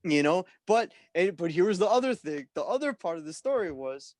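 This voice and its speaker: A man in his forties telling a long, animated story in casual chat, rambling with lots of "like" and "you know" and swearing freely. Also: sits high, fairly quick, no room sound, clean studio sound. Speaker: guest musician.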